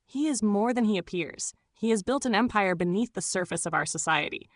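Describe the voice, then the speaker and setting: A woman voicing a brilliant male detective who speaks in a crisp, decisive way. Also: medium pitch, lively intonation, brisk, dry recording, clean studio sound, close to an everyday voice. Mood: urgent.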